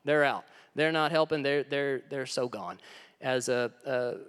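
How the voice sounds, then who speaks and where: A man preaching a sermon as a pastor, retelling a story dramatically with big swings in pitch and loudness. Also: unhurried, smooth, big-room sound.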